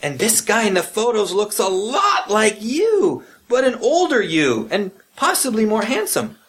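A woman's voice: mid-range voice, huge pitch swings, a little slow. A woman voicing a naive, cheerful sidekick in a comedy audio drama, earnest and chirpy.

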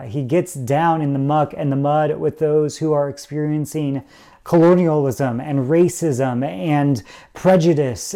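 A male pastor delivers a sermon in an easygoing, conversational manner. His voice sits in a mellow, warm register, and he often pauses with small fillers and corrects himself as he goes. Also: fairly high pitch, creaky. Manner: conversational preaching with frequent "uh" fillers and self-corrections.

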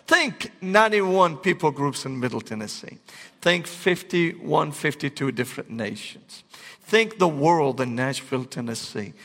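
A middle-aged pastor, preaching in animated, comic storytelling bursts. His voice sits fairly high for a man, and the long reverb of a large hall trails every phrase. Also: a little slow. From Syria. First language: Arabic. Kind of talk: sermon with humorous storytelling.

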